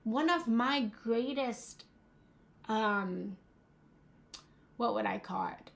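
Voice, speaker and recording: A young woman speaks as a relationship coach, earnest and emphatic, often circling back to repeat a phrase. Her voice sits fairly high. She takes her time, with slow, unhurried phrasing that lets each line land. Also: gravelly. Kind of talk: motivational talk to an audience.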